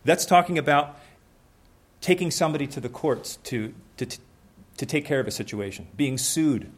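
A young man preaching a sermon in a conversational way, acting out little scenes with quick changes of voice. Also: on the high side, lively intonation.

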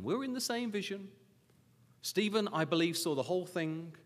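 A man delivers a sermon at a Bible school in a high, lively voice that leaps between registers. He presses his listeners with repeated questions, dropping to hushed, low scripture reading before rising to emphatic urging. His words ring with a long reverb through a large lecture hall. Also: normal speed.

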